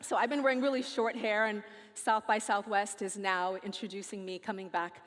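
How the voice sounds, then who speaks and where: An American woman on a festival stage, talking in an animated, playful and sassy way. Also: mid-range voice, moderate pace. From United States. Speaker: featured speaker. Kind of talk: onstage conversation. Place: large festival stage hall. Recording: long hall reverb.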